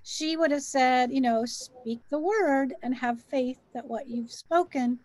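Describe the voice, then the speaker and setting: A woman's voice: sits high, measured pace, a little mellow, dry recording. A middle-aged woman co-hosting a casual spiritual chat, encouraging and coaching her guest. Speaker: co-host.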